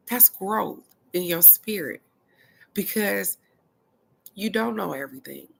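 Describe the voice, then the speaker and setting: A woman's voice: mid-range voice, measured pace, vocal fry. A middle-aged woman, giving a casual, blunt spiritual card reading and cussing freely. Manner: blunt and animated, cusses freely.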